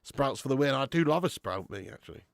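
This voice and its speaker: A man's voice: mid-range voice, animated, quick pace, creaky, no room sound, clean studio sound. A man hosting a live football watch-along, reading the chat and chatting with viewers in a casual, sweary way, calling everyone mate and laughing often.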